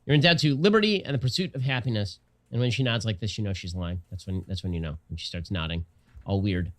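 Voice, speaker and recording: A man's voice: on the low side, fast talker, a bit bright. A man giving political commentary in a sarcastic, mocking tone.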